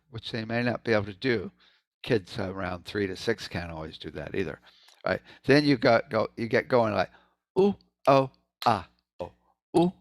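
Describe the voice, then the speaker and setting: A man with a medium-pitched, slightly bright voice, recorded dry, gives an informal presentation at a sound healing meeting. He talks loosely with many asides, demonstrating hums and rhythm syllables aloud.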